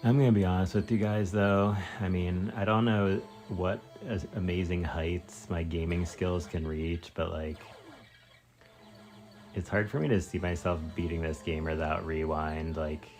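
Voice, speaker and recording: A male streamer, a native Spanish speaker, comments casually on a game in a deep, unhurried voice. He drops slang and exclamations, trailing off with fillers now and then. Faint game music plays under him. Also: fairly even intonation, a little mellow. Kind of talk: casual live gameplay commentary.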